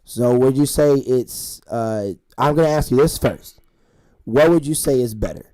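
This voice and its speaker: A man co-hosting a casual podcast chat who laughs and swears a lot and talks in fast bursts. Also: mid-range voice, dark tone, no room sound, clean studio sound. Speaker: podcast co-host.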